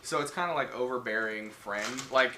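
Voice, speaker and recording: A man's voice: mid-range voice, sharp tone, reverberant, a little hiss or hum. A man casually recapping a horror movie, rambling and swearing often, with many fillers, and briefly putting on the characters' voices. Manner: rambling, profane, acts out characters in quick voices. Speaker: podcast co-host.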